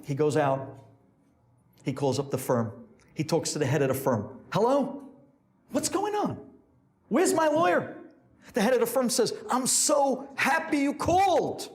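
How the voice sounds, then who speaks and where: Rabbi guy telling a story, high voice that jumps all over, does all the characters. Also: big pitch swings, moderate pace, long pauses. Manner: acts out characters with big pitch swings. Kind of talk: storytelling sermon.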